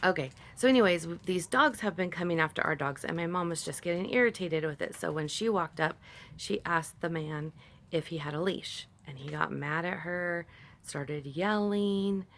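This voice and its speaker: A woman's voice: fairly low pitch, normal speed, fairly bright tone. A woman vlogger telling a rambling, chatty story to her phone camera, stopping now and then to talk to her dogs. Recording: faint background noise.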